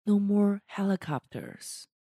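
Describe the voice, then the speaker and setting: A woman's voice: medium pitch, wildly swooping pitch, slow, creaky, warm tone, husky, no echo, studio quality. A woman comedian co-hosting a casual podcast chat, talking earnestly with frequent restarts. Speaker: stand-up comedian and co-host.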